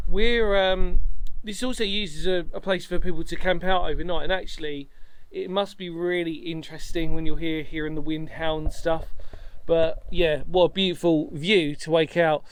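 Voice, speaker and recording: A man's voice: a little high, fairly even intonation, normal speed, a little hiss or hum. A man chatting casually as a history vlog presenter on a coastal path outdoors, rambling and self-deprecating with lots of fillers.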